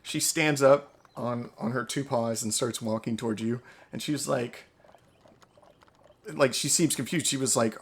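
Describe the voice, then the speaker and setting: Gravelly man running a tabletop game. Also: medium pitch, fairly even intonation, a little slow. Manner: loose and chatty, full of fillers. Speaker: game master.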